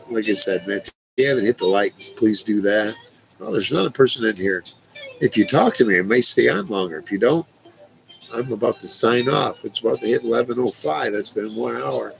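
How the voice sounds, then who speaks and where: Streaming from home, the host, an Indiana man, rambles casually through stories to a live chat, swearing a lot and laughing at his own jokes. His lowish voice is creaky, bright, and forceful, and the audio is poor.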